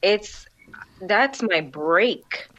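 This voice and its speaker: A woman's voice: medium pitch, animated, extremely slow, a bit bright. A woman guest on a podcast, chatting in a laid-back way with many restarts. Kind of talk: casual chat.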